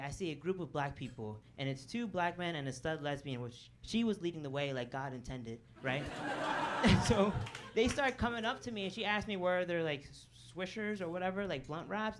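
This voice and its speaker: A comedian working a club stage with a handheld mic, her voice sitting on the lower side. She keeps checking in with "okay?" and "right?" and laughs along with her own bits. Clear audience laughter rises behind her. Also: noisy background. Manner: chatty, frequent "okay?" and "right?" asides, laughs at own jokes. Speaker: stand-up comedian. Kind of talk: stand-up set.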